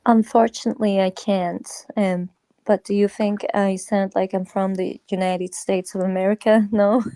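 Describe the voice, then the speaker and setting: A woman's voice: medium pitch, flat delivery, normal speed, warm tone, no echo. A woman chatting casually as a panel guest, full of "like" and "you know".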